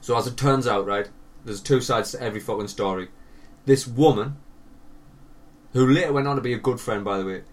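With a medium-pitched voice and a fairly quick pace, a young man co-hosting a podcast recounts a lengthy, embarrassing story, swearing and laughing throughout. Quoted lines come out in a lowered voice. The mic sits at a distance, and the mood is a casual chat.

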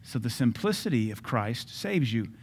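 A male pastor delivers a sermon at a church service with an emphatic, driving delivery. He hammers his points home by repeating key words and phrases. His voice sits at an ordinary middle pitch for a man. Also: sing-song, normal speed, slightly rough.

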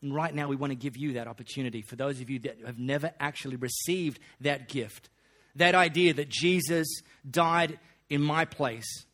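A man's voice: medium pitch, moderate pace, a bit bright. A man, preaching a sermon in a folksy, joking way full of slang. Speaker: pastor.

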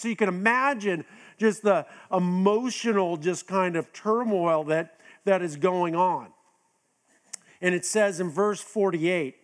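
A middle-aged man gives a sermon at an unhurried, deliberate pace. His voice sits high for a man. He talks loosely and conversationally, restarts often, and acts out quoted lines. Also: expressive. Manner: conversational, with many restarts and "you know". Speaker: pastor.

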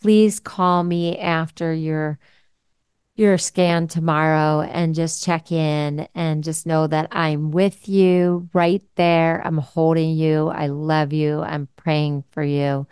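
Low-voiced woman hosting a podcast. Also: flat delivery, takes it slowly, smooth, no room sound, studio quality. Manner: warm, emotional, repeats herself. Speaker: podcast host. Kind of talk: heartfelt podcast chat and sign-off.

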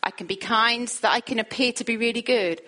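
A woman preaching a sermon in an earnest manner. She builds lists that climb in pitch and drops to a hushed tone for quoted words. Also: quick pace.

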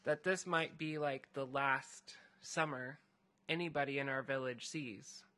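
A man's voice: medium pitch, fairly even intonation, unhurried, sharp tone. A man co-hosting a casual podcast chat, retelling a fantasy story in a rambling way with many fillers. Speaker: podcast co-host recapping a story.

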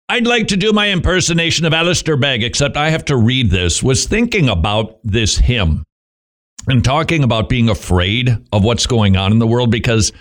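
A man's voice: mid-range voice, a bit bright. A man hosting a devotional commentary, preaching with wry self-mocking asides and pointed rhetorical questions.

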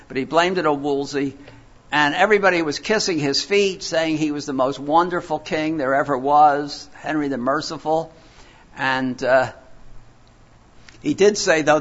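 An older man from Philadelphia preaching a sermon, telling stories in a rambling, digressive way with many fillers and restarts. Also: on the high side. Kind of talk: sermon with storytelling. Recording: dull lo-fi recording.

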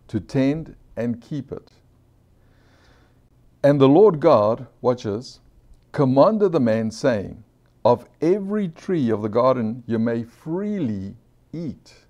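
A man delivering an informal sermon in a low, gravelly voice with a dark, mellow tone. He talks earnestly and conversationally, repeating key phrases and putting questions to his listeners. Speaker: preacher.

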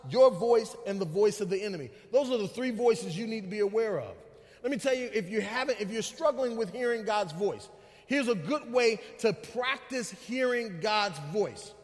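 High-voiced preacher in a reverberant hall. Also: male voice, animated, moderate pace. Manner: emphatic preaching with repetition and call-outs to the congregation. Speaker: pastor. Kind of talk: sermon. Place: church sanctuary. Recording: long reverb of a large hall.

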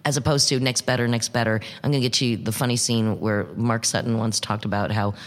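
A man talking about improv in an interview, emphatic and animated, swearing freely. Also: fairly low pitch, brisk. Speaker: improv performer and teacher. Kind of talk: casual interview talk. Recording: long reverb.

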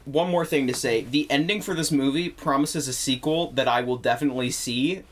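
A person in a casual chat, excitably and animatedly retelling a film's plot, prone to erupting into shrieking laughter. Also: medium pitch, fairly quick. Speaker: movie reviewer.

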